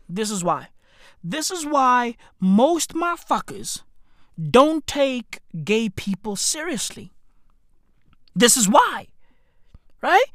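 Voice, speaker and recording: A woman with delivering a profane comedic rant, swearing a lot and breaking into shouts. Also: very high-pitched, dry recording, studio quality. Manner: slang-heavy, swearing, bursts of shouting.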